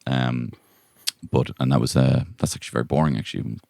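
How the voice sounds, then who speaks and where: A very low-voiced Irish man talks in a loose, rambling way, slipping into other people's voices as he tells a story. His voice sounds close and dry, with no room around it. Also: flat delivery, fast talker, creaky, darkish tone, dry recording. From Ireland. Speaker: podcast co-host. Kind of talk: casual comedic chat. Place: bedroom.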